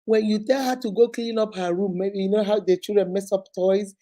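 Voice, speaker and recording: A woman's voice: mid-range voice, fairly even intonation, fairly quick, dark tone. A woman in her fifties hosting a casual live stream, chatting, laughing often and greeting viewers one by one. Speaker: host.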